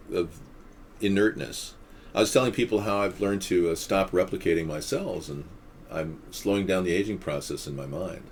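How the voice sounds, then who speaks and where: A man hosts a casual livestream chat with a low, deep voice. He muses in a deadpan, mock-guru way. Faint noise hums under the sound. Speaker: livestream host.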